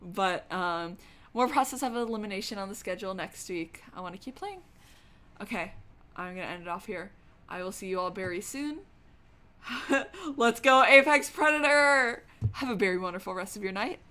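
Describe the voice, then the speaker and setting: A woman streamer reading a game's narration aloud and chatting expressively and excitably, swearing casually. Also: mid-range voice, a little fast.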